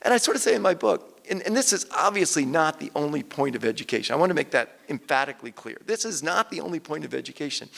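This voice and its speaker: This is an older man speaking at an evening event, his voice slightly high with a gravelly edge. He tells stories animatedly, slipping into quoted voices, and the sound carries a long hall reverb. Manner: animated storyteller, quotes people in lively voices. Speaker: author and guest speaker. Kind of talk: conversational stage talk.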